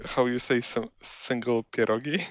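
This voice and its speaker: A man's voice: medium pitch, steady tone, normal speed, no echo. Dry-sounding man, teasing. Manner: short teasing remarks. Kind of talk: casual chat on a livestream.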